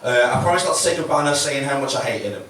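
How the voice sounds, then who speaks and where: Chatty comic, echoey room. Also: male voice, mid-range voice, lively intonation, fast, a bit bright. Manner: chatty, swearing, self-mocking, acts out quotes. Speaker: stand-up comedian. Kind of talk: stand-up comedy set. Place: comedy club stage. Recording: echoey room, mic from a distance, faint noise.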